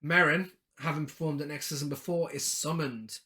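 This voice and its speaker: A man's voice: on the high side, steady tone, normal speed, sharp tone. A man co-hosting a podcast, recapping a film's plot with laughing asides in casual chat. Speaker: podcast co-host.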